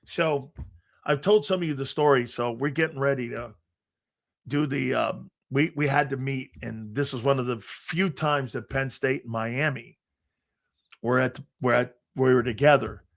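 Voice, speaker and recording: A middle-aged man hosting a sports talk show, telling a profane, animated story and acting out the other voices. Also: mid-range voice, moderate pace, vocal fry. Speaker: sports talk radio host.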